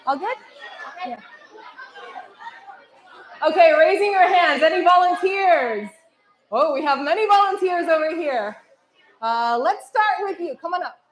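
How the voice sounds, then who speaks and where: Upbeat high-voiced woman in an echoey hall. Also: expressive, unhurried, pauses often, a little hiss or hum. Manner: upbeat, encouraging, often laughing. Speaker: visiting radio presenter leading a school activity. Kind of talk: leading a tongue-twister game for schoolchildren. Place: school hall with children. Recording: echoey hall with children's chatter.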